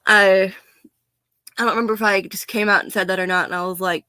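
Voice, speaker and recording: A woman's voice: mid-range voice, fairly even intonation, moderate pace, pauses often, a bit bright, dry recording. An American woman ranting in a casual vlog, blunt, profane and sarcastic, often laughing. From United States. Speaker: vlogger.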